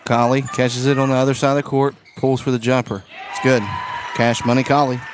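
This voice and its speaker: A man with a hoarse, raspy voice calling a high school basketball game live from a school gym, mixing brisk play-by-play with casual asides. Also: flat delivery, crowd noise, noisy background. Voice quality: raspy, strained voice. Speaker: play-by-play announcer.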